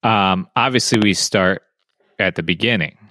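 A man co-hosting a podcast in casual chat, delivering dry, deadpan jokes. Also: deep voice, moderate pace, dry recording. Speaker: podcast co-host.

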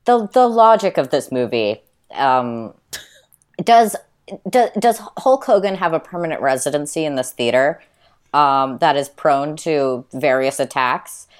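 A young woman co-hosting a podcast, talking in a halting way with many restarts and fillers. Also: deep voice, animated, clean tone. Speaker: podcast co-host. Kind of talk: casual chat.

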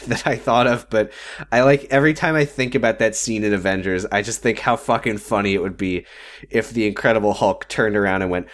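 A podcast co-host recapping a TV episode in casual chat, swearing, riffing on jokes and quoting scenes. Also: medium pitch. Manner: swears, riffs and quotes scenes.

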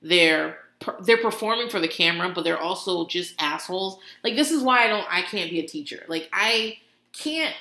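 A woman's voice: fairly low pitch, lively intonation, normal speed, bright, forceful tone. A woman host giving a casual comedic recap, swearing freely and laughing often as she talks. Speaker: podcast host. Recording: roomy echo.

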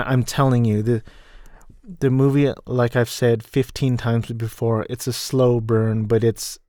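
Podcast host, male, young adult, rambling film recap, self-deprecating, mid-pitched, dry close mic. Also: darkish tone, no echo. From United States. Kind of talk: casual film recap monologue.

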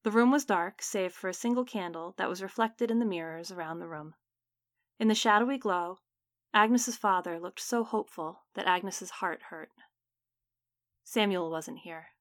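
A woman reading a story aloud in measured, dramatic audiobook narration. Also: fairly low pitch, dry recording, clean studio sound.

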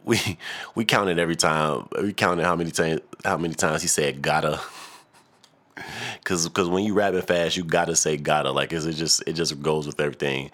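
A young man with a very low voice talks alone into his podcast mic. He rambles, curses freely and slips into loose rap impressions between rants. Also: steady tone, normal speed, a bit bright. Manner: profane, rambling, mimics rappers for laughs. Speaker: podcast host. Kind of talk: solo podcast rant.

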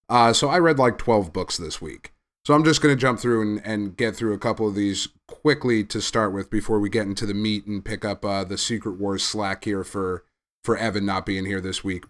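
A man's voice: medium pitch, fairly bright tone. A man co-hosting a casual podcast, talking through the comics he read in an easygoing way. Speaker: podcast co-host. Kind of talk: casual comic book review chat.

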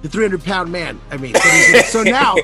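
Podcast host, man, high bright voice, dry close mic, faint music underneath. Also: a little fast, husky, no room sound. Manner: animated, profane, self-mocking, laughs often. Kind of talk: casual trash-talk chat.

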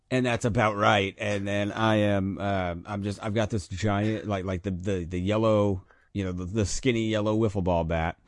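A man with a low-pitched voice tells a childhood story in casual podcast chat. He is animated and leaps into loud, high bursts when he acts out his younger self. The recording is dry and close to the mic. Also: unhurried, no room sound.

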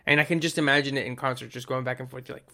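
A man's voice: mid-range voice, fairly even intonation, racing, a crowd in the background. A man co-hosting a casual music chat, rambling with fillers and restarts, swearing and acting out quotes. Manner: rambling, profane, acts out quotes.

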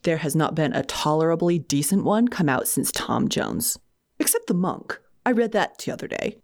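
A woman voicing a boastful, rude young gentleman in a read-out scene. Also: deep voice, animated, moderate pace. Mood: dismissive.

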